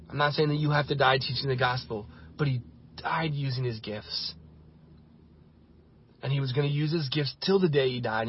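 A man's voice: medium pitch, breathy edge, muffled recording. A male pastor giving an impassioned sermon, building his points through repeated phrases.

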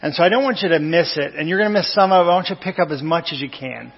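A man delivers a casual, meandering sermon, correcting himself and chatting to his listeners between thoughts. His voice sits slightly high for a man. It rings through a reverberant church hall, and the recording is muffled and lo-fi. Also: very fast, few pauses, breathy edge. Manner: conversational and rambling, with self-corrections and asides. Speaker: lay preacher. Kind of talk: informal sermon. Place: church sanctuary. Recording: echoey church hall, dull lo-fi sound.

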